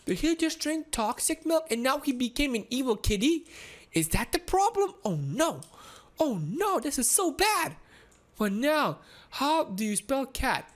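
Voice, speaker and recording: A woman giving excitable, giggly commentary while playing through a game, with frequent exclamations. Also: high voice, unhurried. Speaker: gaming video host. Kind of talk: playthrough commentary.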